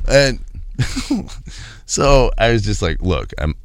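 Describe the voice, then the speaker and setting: A man's voice: medium pitch, a little slow, pauses often, smooth, no room sound, studio quality. A man telling a profane comedic story in casual chat, acting out quoted lines. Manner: profane, animated, acts out quotes.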